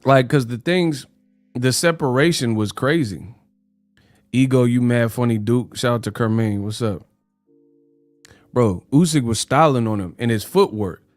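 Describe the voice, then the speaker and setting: A man hosts a live boxing chat, talking in loose slang with plenty of jokes. His voice sits at a middle pitch and is recorded close and dry. Faint music plays quietly underneath. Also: a little slow, long pauses, dry recording. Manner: joking, slangy, puts on mock British voices. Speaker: host. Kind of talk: casual livestream chat.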